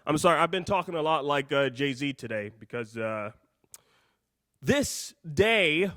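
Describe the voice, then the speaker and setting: A man hosting a live call-in show, out of breath, talking in a hyped, jokey, rambling way that swings between loud and soft. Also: a little high, expressive, measured pace, dry recording, clean studio sound.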